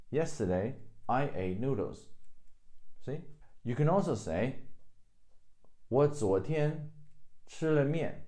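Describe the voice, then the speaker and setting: A man's voice: lowish voice, dark tone. A young man teaching a spoken language lesson in a casual, patient way, carefully repeating words and their tones.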